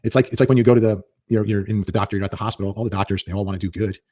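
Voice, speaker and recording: A man's voice: lowish voice, steady tone, rapid-fire, mellow, slightly rough, dry recording, clean studio sound. A man giving earnest, emphatic commentary, repeating key points for stress. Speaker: legal commentator. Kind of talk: clip of commentary played in a stream.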